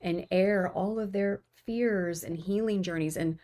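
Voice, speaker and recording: A woman with a Texas twang co-hosts a podcast in casual conversation. Her voice sits at an ordinary, mid-range pitch, and she speaks earnestly and encouragingly. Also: unhurried, warm tone. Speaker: podcast co-host. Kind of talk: casual chat.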